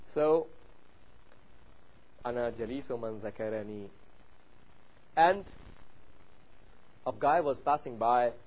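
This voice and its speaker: A man delivering a sermon in English, a native Persian speaker, rising loud on key points and dropping low and quiet when telling a story. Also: poor audio. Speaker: preacher.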